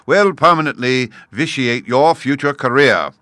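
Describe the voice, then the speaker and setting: Pompous wordy python, formal diction, bright forceful tone, as a man puts him on. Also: medium pitch, unhurried, no room sound, studio quality, pitched above the performer's own voice. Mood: urgent. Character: pompous, long-winded male python snake.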